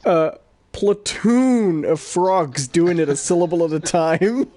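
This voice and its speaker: Joking higher-voiced male podcast co-host. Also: takes it slowly, mellow. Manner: dry joking riffs, laughs at own jokes. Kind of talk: casual chat.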